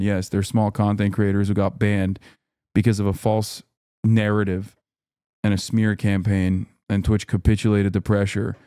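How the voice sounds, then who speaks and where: A man's voice: fairly low pitch, dark tone, smooth, no echo, clean studio sound. A man streaming live, reading the news aloud and reacting to it in heated, profane, incredulous rants. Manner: reads news articles aloud between remarks. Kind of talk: livestream reaction commentary.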